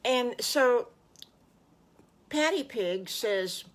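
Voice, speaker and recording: A woman's voice: fairly low pitch, animated, a little slow. An older woman improvising a story for young children, doting and chatty. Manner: warm, doting, chatty with fillers.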